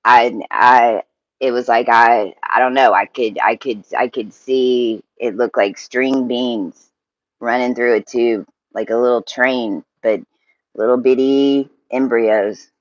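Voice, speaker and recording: A man telling a personal story in a halting, emotional monologue, swearing freely and often restarting his sentences. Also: mid-range voice, steady tone, no room sound, muffled recording.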